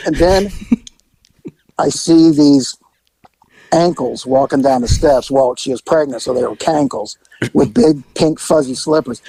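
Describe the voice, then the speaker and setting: Brief: animated male ex-cop storyteller, slightly high voice, dry close sound. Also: measured pace, vocal fry, no room sound, rough recording. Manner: animated, laughing, acts out voices. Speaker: former police officer telling stories. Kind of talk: casual storytelling podcast.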